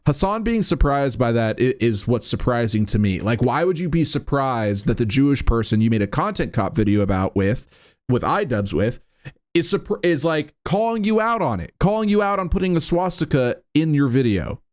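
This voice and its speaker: A man's voice: mid-range voice, big pitch swings, moderate pace, a little mellow. A man hosting a reaction commentary, talking in an incredulous, sarcastic way and leaning on "right?" and "like" between points. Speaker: commentary host.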